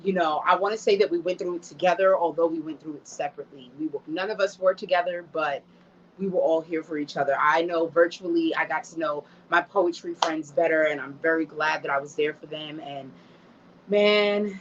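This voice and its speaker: A woman's voice: low voice, fairly even intonation, a little fast, a little hiss or hum. Emotional woman hosting a lo-fi stream. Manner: emotional, talks to the audience directly. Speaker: host. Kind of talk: casual livestream hosting. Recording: dull lo-fi stream audio.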